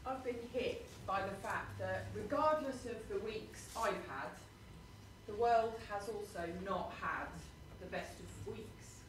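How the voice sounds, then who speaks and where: A woman's voice: medium pitch, takes it slowly, slight background noise. A woman preaching a sermon, telling a personal story with rhetorical questions to her congregation. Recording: roomy hall with faint ambience.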